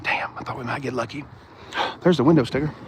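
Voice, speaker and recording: Strolling a car dealership lot outdoors, a male car vlogger reads viewer comments aloud during a casual, profane live-stream walkaround. He talks a little fast in a mid-range voice, with background noise present.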